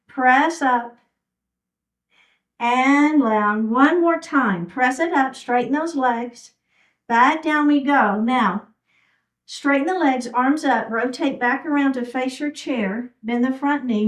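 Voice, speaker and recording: A woman's voice: fairly high pitch, poor audio. A woman teaching a chair yoga class, giving encouraging step-by-step cues for each move. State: a little out of breath. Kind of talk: guided fitness class instruction.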